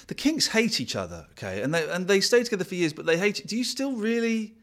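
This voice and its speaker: A man in his forties hosting an interview, jokey and animated. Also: high voice, fast. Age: 40s. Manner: animated, jokey, laughs often. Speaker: radio host. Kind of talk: lively interview banter.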